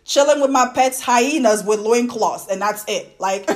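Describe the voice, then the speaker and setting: A woman's voice: a little high, a little slow. Exasperated Ivorian French-accented woman. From Côte d'Ivoire. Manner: exasperated, ranting with frequent fillers and restarts. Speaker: podcast host. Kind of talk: casual monologue to listeners.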